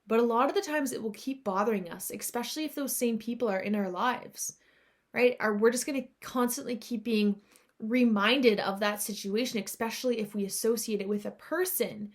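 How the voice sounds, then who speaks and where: A woman's voice: fairly high pitch, moderate pace. A woman hosting her own podcast, talking in a chatty, encouraging way and often turning to her listeners with "right?" and "you guys". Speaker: podcast host. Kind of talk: casual solo podcast talk.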